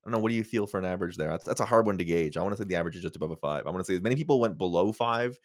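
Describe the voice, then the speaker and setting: Low-voiced hesitant male co-host. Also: very fast, no echo, clean studio sound. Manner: hesitant, thinks aloud, repeats words. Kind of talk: casual livestream review chat.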